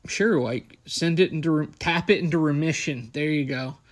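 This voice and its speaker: A man's voice: on the high side, moderate pace. Blunt, profane male podcast host. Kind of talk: casual wrestling recap.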